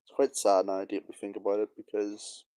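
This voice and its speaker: A man's voice: on the low side, completely flat delivery, fairly quick, mellow, smooth, dry recording. Wistful young man rambling. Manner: rambling, wistful, with many fillers and sighs. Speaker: vlogger. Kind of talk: casual nostalgic monologue.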